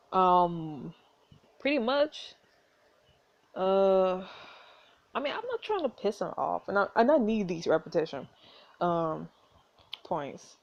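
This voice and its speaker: A woman's voice: on the low side, big pitch swings, takes it slowly, gravelly, long pauses, lo-fi sound. A woman hosting a gameplay video, reading a story game's narration aloud with giggly, chatty asides. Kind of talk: casual gameplay commentary with narration.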